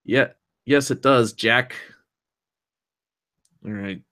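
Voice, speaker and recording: A man's voice: medium pitch, very slow, sharp tone. Young male streamer; loose, rambling chat with frequent swearing. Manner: rambling, swears often, hums fillers. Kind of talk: casual chat with stream chat and co-host.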